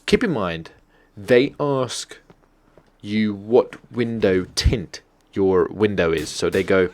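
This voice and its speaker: A gaming channel host with a lowish, slow voice rants and swears while telling a story over his gameplay. He sounds annoyed and rambles, and game gunfire and explosions go off behind his voice throughout.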